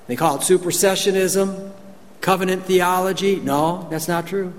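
A man's voice: high-pitched, steady tone, normal speed. Man preaching in a reverberant hall. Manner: folksy, emphatic, asks the congregation questions. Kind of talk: conversational sermon. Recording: long hall reverb, faint ambient noise.

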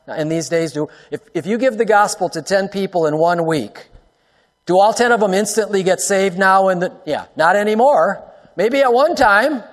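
Male pastor, fairly high voice, sermon delivery with loud-to-hushed swings, long hall reverb. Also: moderate pace. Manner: talks directly to the congregation, asks rhetorical questions.

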